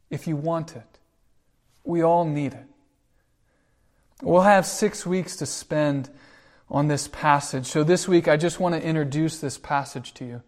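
A male pastor preaching a sermon with earnest storytelling, slowing down on key phrases. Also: a little high.

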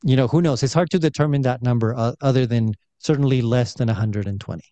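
A man explaining scripture calmly in a casual group talk. His voice is mellow and warm, and it is recorded dry and close. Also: mid-range voice, no room sound. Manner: measured, explanatory.

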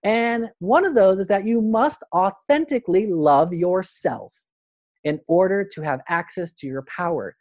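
An earnest man talks as a podcast guest about spiritual ideas. He gets animated and slips into little voices to make his points. His voice sits close and dry, with no room sound around it. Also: high-pitched, a little slow, no echo. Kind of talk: spiritual conversation.

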